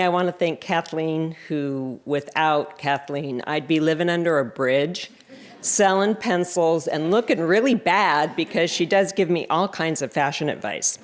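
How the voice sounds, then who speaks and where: A woman in her fifties giving a wry, self-deprecating acceptance speech at a library reception. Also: low-pitched. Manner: sarcastic, self-deprecating humor. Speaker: award recipient giving thanks.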